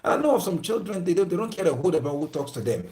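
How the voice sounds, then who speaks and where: A man's voice: high voice, big pitch swings, rapid-fire, a little mellow. Preachy man lecturing viewers. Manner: emphatic and preachy, with many repeated phrases. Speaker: speaker addressing viewers. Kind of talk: moralizing lecture.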